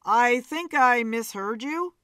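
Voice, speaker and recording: A woman's voice: fairly high pitch, expressive, takes it slowly, fairly bright tone, smooth, dry recording, clean studio sound. A woman voicing a polite, slightly whiny man in a bow tie and glasses.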